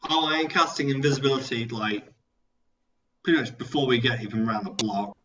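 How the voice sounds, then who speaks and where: A man's voice: mid-range voice, fairly quick, fairly bright tone, poor audio. A man playing a tabletop game, hesitant and repeating himself as he explains his plan. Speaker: player. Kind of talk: casual tabletop play.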